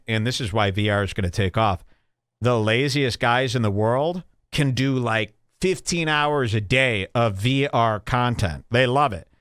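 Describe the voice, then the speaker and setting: Guy ranting on his podcast, super animated voice, mocking, dry close mic. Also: dry recording. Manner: exaggerated, mocking, swings between loud and low. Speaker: podcast host. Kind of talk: comedic rant. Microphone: studio microphone.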